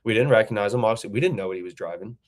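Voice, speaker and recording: A man's voice: on the low side, rapid-fire. A man, host of his channel, telling a story casually in a rambling, self-correcting way.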